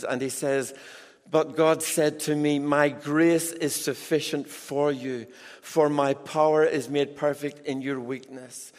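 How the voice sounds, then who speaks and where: A middle-aged man preaches to his congregation with emphatic, animated delivery and quick asides. He talks at an unhurried, measured pace, his voice sitting in an ordinary middle register. Long reverb from the large church hall trails behind every phrase. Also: medium pitch. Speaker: pastor. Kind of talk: sermon.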